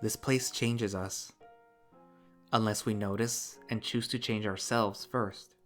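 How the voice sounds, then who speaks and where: Murdoch: soft, reassuring young fox with a determined streak, read by a man, low and unhurried, from a visual novel. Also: steady tone, faint music behind. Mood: earnest.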